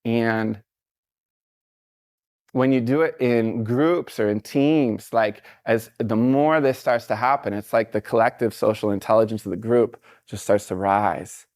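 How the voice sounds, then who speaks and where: A middle-aged man giving a casual, conversational motivational talk from a stage to a live audience, encouraging and relaxed, with frequent fillers. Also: fairly low pitch, measured pace, no echo, clean studio sound.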